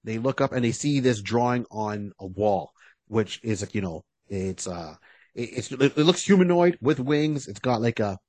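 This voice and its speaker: A man's voice: mid-range voice, animated, normal speed, darkish tone, dry recording. Man rambling through a casual retelling. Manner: rambling, filler-heavy retelling. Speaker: podcast co-host. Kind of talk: casual chat.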